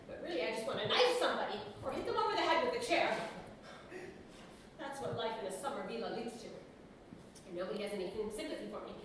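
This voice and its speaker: A woman's voice: high-pitched, a little hiss or hum. A woman playing a harried, ranting husband. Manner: theatrical ranting monologue, swinging loud and soft. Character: harried overworked husband, a middle-aged man. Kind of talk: stage comedy acting. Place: theatre stage. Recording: echoey stage recording from far off.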